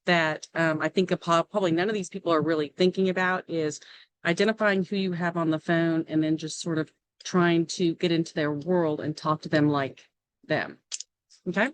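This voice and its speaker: A woman's voice: low-pitched, fairly even intonation, moderate pace, clean tone, dry recording, poor audio. A woman leading a team meeting on a video call, chatty and coaching as she adds her own points. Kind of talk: casual meeting talk.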